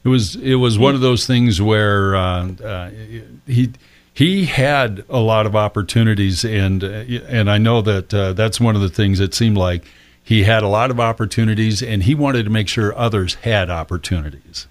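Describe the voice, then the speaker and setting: A man's voice: lowish voice, moderate pace. A man hosting a local radio interview, asking rambling questions with fillers. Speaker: radio host.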